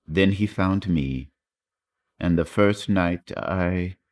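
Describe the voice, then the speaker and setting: A man voicing a grave young Italian fisherman. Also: sits low. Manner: grave, earnest, halting. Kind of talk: audiobook reading.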